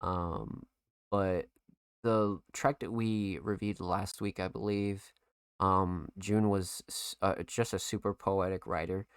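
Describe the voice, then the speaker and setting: Young man, low clear voice, dry close sound, casual profane music review, lots of fillers. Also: fairly even intonation, slow, no echo. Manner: profane, filler-heavy, enthusiastic. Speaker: podcast host reviewing music submissions.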